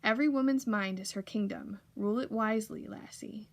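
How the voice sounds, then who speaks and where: A woman's voice: medium pitch, steady tone, moderate pace, vocal fry, fairly bright tone. A woman reading aloud, voicing an old Irish great-great-great-grandfather with a thick brogue who speaks in folksy sayings. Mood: wise. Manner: folksy, proverb-quoting.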